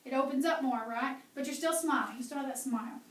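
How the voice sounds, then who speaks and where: High-voiced female teacher who quizzes patiently and models each sound, recorded from a distance in an echoey classroom. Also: quick pace. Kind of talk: classroom phonics and handwriting lesson. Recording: echoey room, mic far off, faint hum.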